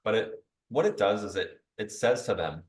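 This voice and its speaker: A man giving a conversational sales training talk to a group, upbeat and chatty, tagging most points with a quick "right?". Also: on the low side, rough recording. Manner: upbeat coaching tone, addresses group directly. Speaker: real estate sales trainer.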